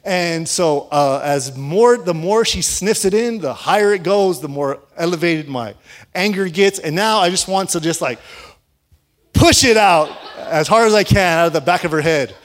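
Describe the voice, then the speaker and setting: A man preaching, an animated storyteller who laughs often and acts out the dialogue of his story. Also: high voice, normal speed. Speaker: pastor. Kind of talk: storytelling sermon.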